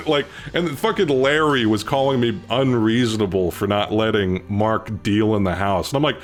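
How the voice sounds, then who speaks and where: A young man hosting a casual vlog, telling a story in an animated, swearing way and climbing loud when he quotes himself. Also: medium pitch, normal speed. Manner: animated, profane, rising to near-shouting when quoting himself. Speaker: channel host.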